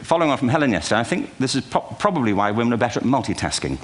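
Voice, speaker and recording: Racing along in a mid-range, sing-song voice, an older man presents a comic keynote to a live audience in a large auditorium. Wry, self-mocking anecdotes and asides run throughout.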